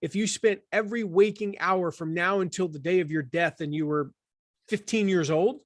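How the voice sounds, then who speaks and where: A man in his forties from the Southern United States, talking as an author in an interview, animated and full of restarts. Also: sits high, normal speed, no echo, clean studio sound. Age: 40s. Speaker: author and guest. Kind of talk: conversational interview.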